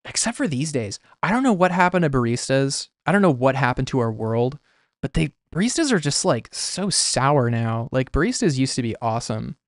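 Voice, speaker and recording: A young man streaming live while he sketches talks casually, rambling with lots of "like" and restarts. His mid-range voice swings widely in pitch at a moderate pace, in clean studio sound without echo.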